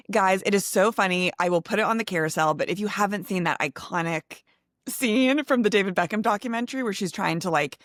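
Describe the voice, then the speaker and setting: A woman's voice: medium pitch, a bit bright, dry recording. Chatty woman podcast host, bouncy voice, dry mic. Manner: bubbly, chatty, many fillers. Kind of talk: casual chat.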